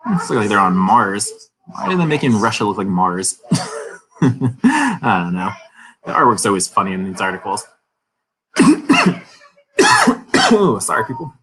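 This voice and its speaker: A man's voice: on the low side, very animated, normal speed, long pauses, bright, forceful tone, a little hiss or hum, low-quality recording. A man hosting a crypto news channel, reading articles aloud and breaking off for chatty asides and laughs. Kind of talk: casual news reading and commentary.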